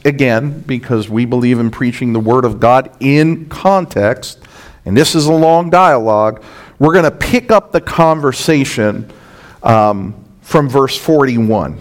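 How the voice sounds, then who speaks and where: A man's voice: mid-range voice, animated, slow pace. A man preaching an expository sermon as a pastor, earnest and emphatic, with rhetorical asides to the congregation.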